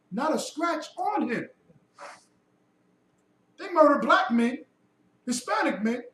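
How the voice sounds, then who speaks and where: A man's voice: very high-pitched, a bit bright. A man giving a heated lecture to a group, preachy and mocking, firing off rhetorical questions. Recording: echoey room, mic far off, faint noise.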